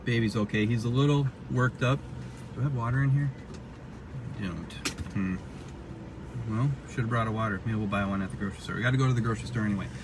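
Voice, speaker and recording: A man's voice: on the low side, quick pace, pauses often. A man chatting casually while he drives, rambling and poking fun at himself as he records a vlog. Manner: rambling, chatty, self-mocking. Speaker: vlogger. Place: inside a car while driving. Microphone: dash-mounted camera. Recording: distant car mic with road noise.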